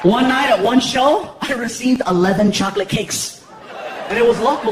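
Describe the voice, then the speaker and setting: High-pitched comedian guy laughing thru his stories, big echoey theater, loud noise. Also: normal speed, over a noisy crowd. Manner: animated, laughing storytelling. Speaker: stand-up comedian. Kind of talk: stand-up comedy. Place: large theater with a live audience.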